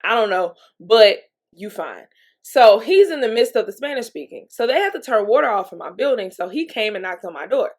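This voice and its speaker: A woman vlogger telling a personal story in a candid, chatty way, laughing between lines and sniffling from allergies, with a Southern US accent. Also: mid-range voice. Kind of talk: casual storytelling monologue.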